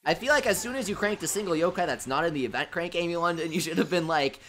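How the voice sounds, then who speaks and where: A man's voice: fairly high pitch, fast, a little hiss or hum. A young man hosting a live stream from home, reading viewer comments aloud and answering them with sarcastic jokes. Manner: sarcastic, animated and joking. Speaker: livestream host.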